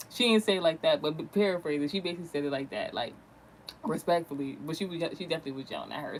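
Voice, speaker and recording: A man vlogging a casual storytime rant, animated, gossipy and full of profanity. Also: fairly high pitch, quick pace, a little hiss or hum, low-quality recording.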